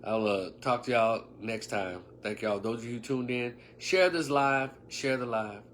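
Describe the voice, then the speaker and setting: Speaking a little slowly in a bit bright, mid-range voice, a man in his fifties offers casual livestream opinion talk as an online commentator. He comes across emphatic and preachy, with sarcasm and muttered asides, plus a little hiss or hum.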